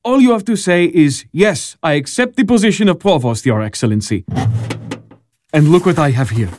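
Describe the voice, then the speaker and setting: A man's voice: a little high, animated, moderate pace, darkish tone, slight background noise, lightly acted. A man playing an eager, persuasive churchman. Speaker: canon assisting a bishop. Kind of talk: radio drama acting.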